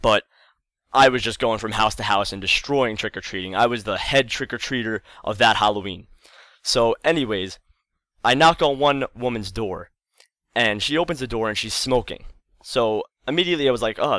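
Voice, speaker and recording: A man's voice: medium pitch, sharp tone, no room sound. A man telling a childhood story in a casual vlog, chatty and rambling, repeating words for emphasis. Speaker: YouTube storyteller.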